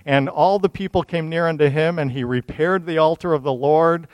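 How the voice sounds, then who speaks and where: A man's voice: on the high side, normal speed, no room sound, dull audio. A man preaching a sermon, reading a scripture passage aloud and explaining it in plain everyday words. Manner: mocking, animated asides.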